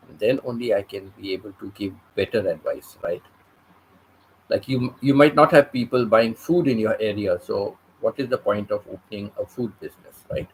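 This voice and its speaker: A man's voice: lowish voice, moderate pace, a little hiss or hum, rough recording. A man telling a story on his vlog, stressing points by repeating phrases. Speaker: vlogger.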